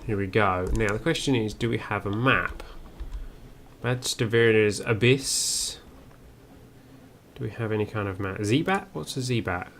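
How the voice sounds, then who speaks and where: A man's voice: fairly low pitch, unhurried, a bit bright, slight background noise. A man giving first-play game commentary, musing aloud and reading on-screen text as he goes. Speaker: game streamer.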